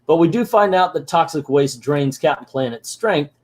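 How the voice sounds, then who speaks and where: A man recapping a cartoon episode in a casual, joking way, with a slightly high voice. He throws in sarcastic asides as he goes. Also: animated, moderate pace. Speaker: comics channel host.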